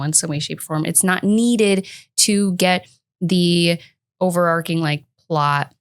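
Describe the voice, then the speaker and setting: A woman with a slightly low voice and a dry, close-up sound, talking in casual podcast chat. She is thoughtful and hesitant, pausing to search for the right words. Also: no echo. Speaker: podcast co-host.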